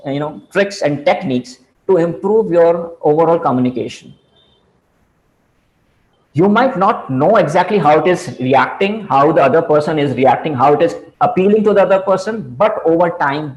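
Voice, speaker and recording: A man giving a lecture on communication, talking haltingly with frequent "you know" fillers and restarts. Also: fairly high pitch, a little mellow, low-quality recording. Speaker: speaker on communication skills.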